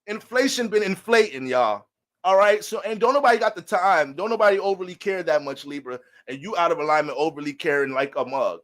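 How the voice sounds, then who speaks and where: A man's voice: sits high, animated, a little fast, a bit bright. A man talking as an astrologer in a casual, profane and joking monologue.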